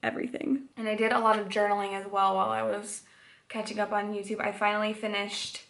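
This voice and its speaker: A woman's voice: mid-range voice, flat delivery, fast, fairly bright tone. A young woman from Michigan with a slight Upper Michigan accent, chatting casually to camera at home in a rambling vlog full of "like" fillers. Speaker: vlogger. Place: indoors at home. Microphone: camera mic.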